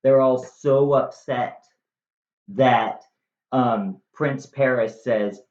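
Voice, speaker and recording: Slow, wry man retelling a play. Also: medium pitch, a little mellow. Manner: wry, conversational, jokey asides. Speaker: video host. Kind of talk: casual storytelling lesson. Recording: roomy, slightly dull recording.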